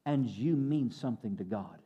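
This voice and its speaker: A man preaching a sermon, switching between loud exclamations and hushed moments and repeating words as he builds up. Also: mid-range voice, expressive, moderate pace, slightly rough, highs cut off. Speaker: pastor.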